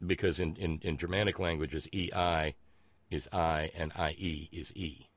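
A man's voice: deep voice, fairly even intonation, moderate pace, dry recording. A man hosting a casual political talk show, rambling and sarcastic, with many restarts. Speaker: host.

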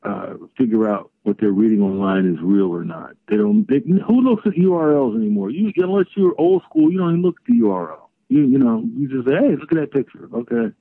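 A man's voice: mid-range voice, lively intonation, fairly quick, creaky, few pauses, slightly rough, no echo. A middle-aged man co-hosting a political talk show, rambling and searching for words as he talks. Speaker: co-host. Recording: tinny phone-line audio.

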